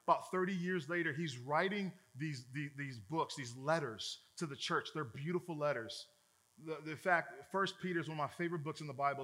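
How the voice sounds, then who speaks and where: A male pastor preaching a sermon in a joking, colloquial, energetic way. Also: high voice.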